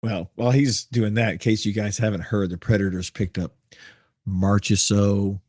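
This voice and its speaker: A man's voice: fairly low pitch, steady tone, normal speed, a little mellow, no room sound, studio quality. A man co-hosting a podcast, chatting in an easygoing, agreeable way. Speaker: podcast co-host. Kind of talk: casual chat.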